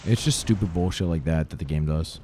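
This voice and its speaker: A man's voice: rumbling low, a little fast, warm tone, a little hiss or hum. A man co-hosting a casual gaming stream, commenting bluntly and swearing often as he plays. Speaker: gaming channel co-host.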